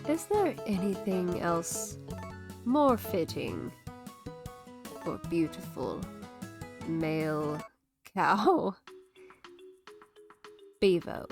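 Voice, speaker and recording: A woman's voice: lowish voice, animated, extremely slow, pauses often, music in the background, heavily acted. A woman voicing a male farmer friend in a farming game. His voice and accent shift around within a single sentence. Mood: matter-of-fact. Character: gruff male farmer friend handing over a bull.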